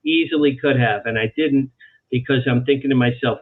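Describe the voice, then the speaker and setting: An animated man, a guest on a talk show, spins anecdotes and repeats his phrases for emphasis. His mid-pitched voice comes through a narrow, tinny phone-like line. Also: a little fast. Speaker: author guest. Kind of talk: storytelling in a talk-show interview.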